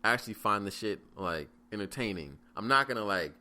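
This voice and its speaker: A young man in his twenties talks through a casual solo podcast in a low voice with a forceful, bright edge. He rambles and swears freely, restarting sentences and leaning on fillers as he goes. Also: animated, fairly quick. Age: 20s. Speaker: podcast host.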